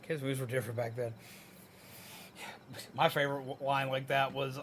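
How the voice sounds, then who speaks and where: This young streamer speaks at normal speed with a medium pitch, dropping into long pauses, and the recording carries a little hiss or hum. While gaming, he rants frankly, swears freely, and mocks people in put-on voices in a casual, animated way.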